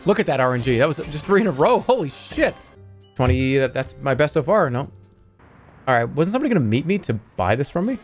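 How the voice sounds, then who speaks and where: A man streaming a video game, talking his way through it with sudden yelps, swearing and bursts of excitement, and sometimes reading the game's dialogue aloud. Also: mid-range voice, quick pace, soft background music. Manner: excitable, swearing, yelps and shouts when things go wrong. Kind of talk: live gameplay commentary.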